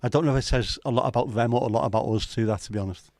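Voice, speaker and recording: A man's voice: medium pitch, very fast, darkish tone, dry recording. A man hosting a casual livestream chat, joking and teasing his viewers in loose banter. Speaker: livestream host.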